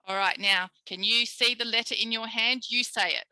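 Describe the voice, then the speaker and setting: A woman's voice: a little high, fairly even intonation, normal speed, hardly any pauses, sharp tone, smooth, dry recording, low-quality recording. A woman with an Australian accent giving a live online speech pathology tutorial, modelling sounds and praising her listeners as if they were young children.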